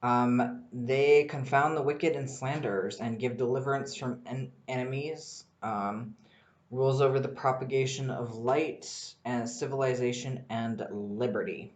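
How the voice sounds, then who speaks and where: A man hosting a casual solo podcast in a rambling, excitable way, with frequent swearing. His voice sits at an ordinary middle pitch. The room around him is noticeably echoey. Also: a little slow, lo-fi sound. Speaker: podcast host.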